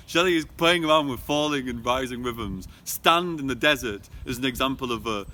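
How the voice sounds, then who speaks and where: A man talks through a poem for a revision lesson, speaking off the cuff, restarting sentences and tapping out rhythms aloud. His voice is bright and forward. Faint traffic hums in the background. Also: mid-range voice, normal speed, few pauses. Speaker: literature tutor. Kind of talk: casual spoken revision lesson. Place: indoors, filmed talking to camera. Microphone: camera mic.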